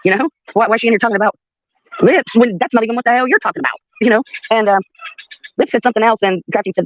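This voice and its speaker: A woman's voice: on the high side, animated, racing, dry recording, lo-fi sound. An older woman telling a story on her livestream in a blunt, profane way, with laughs between her sentences. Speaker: livestream host. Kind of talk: casual storytelling.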